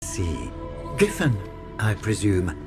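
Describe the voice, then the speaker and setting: A silky, scheming crime boss. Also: male voice, fairly low pitch, wildly swooping pitch, slow, exaggerated voice. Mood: suave. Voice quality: smooth, courtly and mocking. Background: loud game music.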